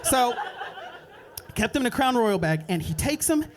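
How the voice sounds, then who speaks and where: A young man doing a stand-up set at an open mic night, telling a rambling story and dropping into quick voices for the people in it. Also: extremely high pitch, sing-song, some chatter behind, a little hiss or hum. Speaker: stand-up comedian. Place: open mic comedy club.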